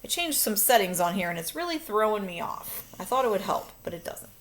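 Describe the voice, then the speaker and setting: Gravelly-voiced woman teaching phonics. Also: medium pitch, sing-song, fairly quick. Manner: patient, step-by-step explaining. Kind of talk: online phonics lesson. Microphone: recording her own video lesson.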